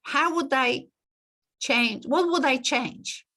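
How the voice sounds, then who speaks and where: A woman lectures her class over a video call. Her voice sits a little high, and she keeps the talk lively and conversational, laughing now and then. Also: slow pace. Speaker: teacher. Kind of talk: online lecture.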